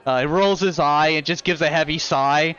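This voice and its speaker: A man narrating a live tabletop game as dungeon master, animated and loose with his fillers. His voice is fairly high, bright and crisp, and the stream audio sounds a little dull. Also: moderate pace.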